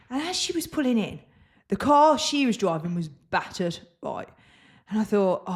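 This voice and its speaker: A woman co-hosting a podcast, telling stories in a casual chat and acting out the voices of the people in them. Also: mid-range voice. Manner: animated, acts out quoted voices in her stories. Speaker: podcast co-host. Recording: echoey room.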